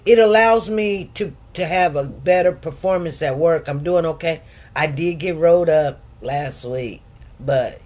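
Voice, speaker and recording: Her voice is lowish with a darker tone as this woman in her fifties runs a livestream. She talks casually with her viewers, wandering from topic to topic and laughing along the way.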